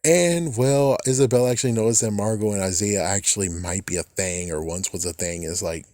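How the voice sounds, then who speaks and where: A man's voice: a little fast, mellow, no echo, clean studio sound. Swearing, ranting male fan reviewer. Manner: ranting, swears a lot, mocks characters; mimics characters' lines in a higher voice. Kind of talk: casual episode recap.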